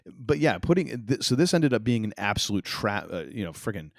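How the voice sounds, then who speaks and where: A man's voice: fairly low pitch, big pitch swings, brisk, gravelly, dry recording, clean studio sound. A man co-hosting a podcast, chatting casually about wrestling, rambling with lots of restarts and laughs. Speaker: podcast co-host.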